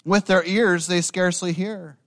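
A man preaching a sermon, swinging from quiet explanation to loud, rising dramatic passages and talking to his listeners directly. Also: sits high, fairly even intonation, unhurried. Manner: addresses listeners as guys.

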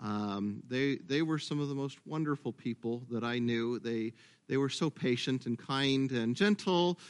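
A man's voice: mid-range voice, measured pace, clear, resonant tone. A middle-aged man preaching a sermon as pastor, talking in a conversational way with asides and self-corrections.

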